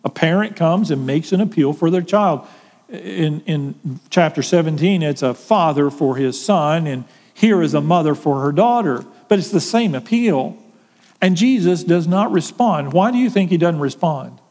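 Male pastor, high pitch, sermon to the congregation, long hall reverb. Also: normal speed. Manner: asks the congregation questions, animated.

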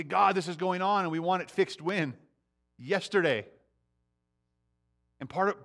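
A man preaching a sermon, shifting between hushed reflection and fervent appeals, often repeating his words as he goes. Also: a little high. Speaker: pastor.

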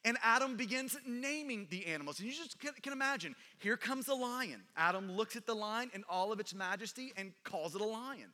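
A man with a high, very bright voice preaches in a relaxed, conversational way, often restarting his phrases. He is heard in a church hall with a long reverb trailing behind him. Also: fairly quick, hardly any pauses. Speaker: pastor. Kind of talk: sermon.

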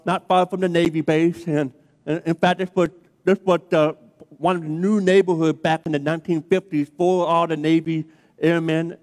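A high-pitched man preaching a sermon, his voice ringing out with a long reverb in a big church sanctuary. He chats through a story, keeps checking in with the crowd with "okay?", then leans into emphatic preaching. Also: a little mellow. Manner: chatty storytelling, checks in with "okay?" and "all right?". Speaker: pastor. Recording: long reverb of a large hall.

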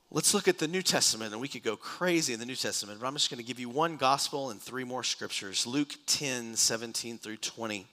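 A man's voice: mid-range voice, expressive, a little fast, pushed and bright. A man preaching a sermon, reading scripture with rising emphasis and dropping into casual asides.

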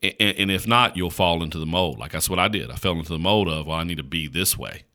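Deep-voiced man with a Southern drawl. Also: pushed and bright. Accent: rural North Carolina Southern. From North Carolina, USA. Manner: slow country drawl, conversational, often asks "right?". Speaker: pastor. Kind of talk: casual podcast chat.

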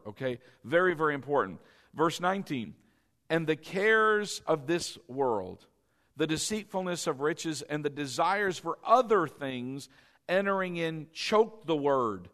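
A man's voice: on the high side, lively intonation, unhurried, fairly bright tone. A man preaching a sermon to his congregation as their pastor, repeating key words and firing questions back at the room. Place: church sanctuary with congregation. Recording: long reverb of a large church hall.

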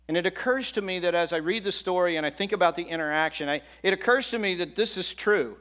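A man's voice: high voice, fast, few pauses, a bit bright. A middle-aged man preaching a sermon in a conversational way, often putting questions to the congregation. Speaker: pastor.

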